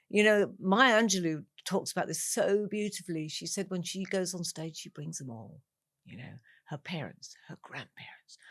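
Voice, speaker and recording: A woman in her sixties from England, a guest talking over memories, with an animated storytelling manner and frequent laughs. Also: lowish voice, no room sound, clean studio sound. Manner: warm storyteller, laughs often, animated asides. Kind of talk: reflective conversation.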